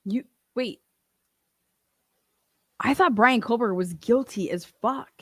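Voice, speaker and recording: A woman's voice: fairly high pitch, takes it slowly, a bit bright, no room sound, clean studio sound. A woman hosting a commentary channel, ranting in a profane, combative way and acting out other people's voices. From Ohio.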